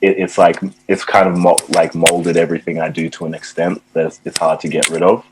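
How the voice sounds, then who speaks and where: A man's voice: low voice, level tone, brisk, noisy background. A young man from Ghana, a musician guest chatting casually in an interview, laid-back and full of "like" and "um" fillers.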